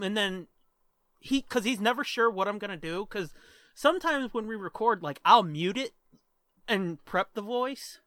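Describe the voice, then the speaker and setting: A man hosts a podcast with loose, profane chatter and frequent laughs. His voice is bright and forceful. The sound is close and dry. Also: high-pitched, expressive, moderate pace, dry recording. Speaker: podcast host. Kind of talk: casual podcast chat.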